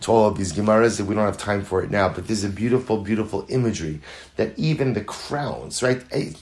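A Torah teacher leads a Talmud class in a lowish, brisk voice, speaking earnestly and repeating phrases for emphasis. He mixes in Hebrew and Yiddish terms and builds to lively, louder stretches.

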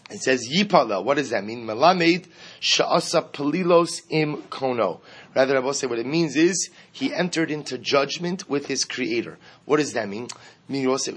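A man with a husky, slightly breathy voice teaches a Talmud class at a mid-range pitch. He reads Hebrew and Aramaic text, then translates and explains it. He speaks the lines of the figures in the passage with a sharp lift in emphasis.

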